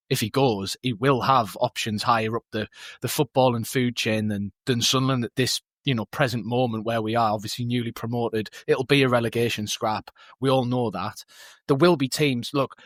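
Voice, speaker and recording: Lively north east english bloke on a football podcast, dry mic. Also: male voice, medium pitch, moderate pace, no room sound. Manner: lively, laughing, colloquial. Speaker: podcast co-host. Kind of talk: casual football chat.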